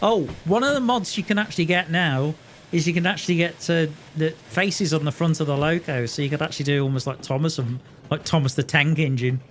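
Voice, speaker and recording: Guy rambling on a game stream, slightly high voice, joking to chat. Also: fairly quick, a little hiss or hum. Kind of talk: casual live-stream chat.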